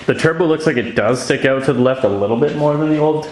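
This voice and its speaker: A man's voice: on the high side, fast talker. A young man chatting casually and eagerly about his car project in his home garage, with lots of filler words.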